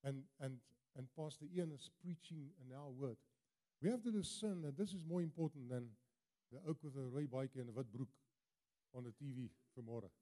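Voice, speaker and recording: A man's voice: medium pitch, fairly quick, mellow. A South African-accented older man, an Afrikaans speaker, preaching earnestly as a guest preacher in a church, often repeating words for emphasis. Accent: South African English. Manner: earnest, emphatic with frequent repetitions. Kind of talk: sermon.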